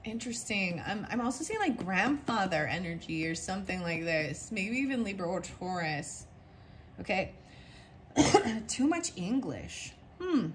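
A woman's voice: mid-range voice, big pitch swings, unhurried, slight background noise. A woman giving a tarot reading in a casual, rambling way, thinking aloud as she goes and questioning herself. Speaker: tarot reader.

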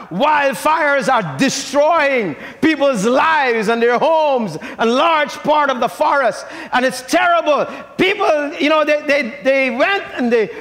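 High-voiced older preacher shouting in a church. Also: male voice. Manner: preaching with shouted, rising emphasis and call-and-response. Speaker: pastor. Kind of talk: sermon. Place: church sanctuary. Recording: church sanctuary with long reverb.

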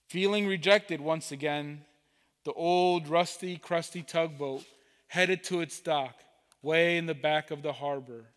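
A man preaching, telling a parable slowly and deliberately as a pastor. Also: fairly high pitch, fairly even intonation, a bit bright, long reverb tail. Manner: slow, deliberate storytelling. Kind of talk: sermon storytelling. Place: church sanctuary.

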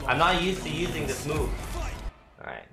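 A man streaming a fighting game live, talking to his viewers, thanking them for likes, and swearing and shouting when he gets hit. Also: fairly high pitch, unhurried, gravelly. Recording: roomy with game music behind.

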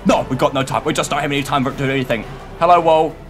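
A man commenting on his own gameplay in a frantic, excitable way, often shouting and squealing. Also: on the high side, very fast. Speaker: gaming YouTuber. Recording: light background music.

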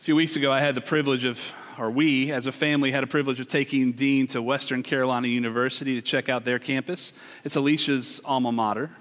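A man in his forties, a pastor, reading scripture and then telling stories in a relaxed, hesitant way during a sermon. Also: mid-range voice, fast, few pauses. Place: church sanctuary. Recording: long reverb of a church hall.

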